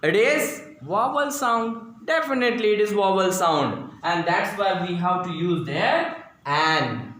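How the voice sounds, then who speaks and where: A male school teacher with an Indian English accent giving a slow, repetitive grammar lesson in a classroom, drilling pronunciation aloud. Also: high voice, lively intonation, a bit bright, slight background noise. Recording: echoey classroom, very roomy.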